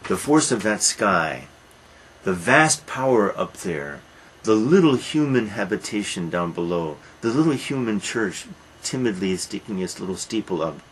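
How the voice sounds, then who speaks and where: A man's voice: fairly low pitch, very animated, unhurried, fairly bright tone, a little hiss or hum, rough recording. A man lecturing on a Greek tragedy, retelling it as a dramatic storyteller who repeats words for emphasis. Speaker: literature lecturer.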